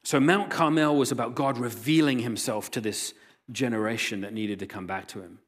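A male pastor preaching a sermon, reading scripture aloud and retelling the story with lively voiced quotes. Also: medium pitch, moderate pace. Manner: animated storytelling, voicing quoted characters.

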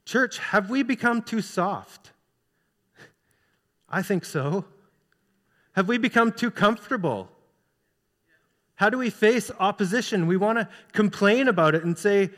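Earnest pastor with a high voice. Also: male voice, unhurried, pauses often, a bit bright. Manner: earnest, rhetorical questions to the congregation. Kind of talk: sermon. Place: church sanctuary. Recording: long reverb of a large hall.

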